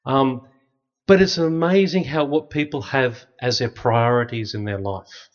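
A middle-aged man, a priest, telling lively stories with dry humor to an audience. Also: mid-range voice, unhurried. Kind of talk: storytelling talk to an audience. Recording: slightly dull lo-fi recording.

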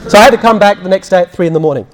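Brief: priest, high voice, teaching talk, lively storyteller who acts out quotes. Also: male voice, rapid-fire, a crowd in the background. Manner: storytelling, acts out quotes, drops to a hushed voice when recounting prayers. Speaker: Catholic priest.

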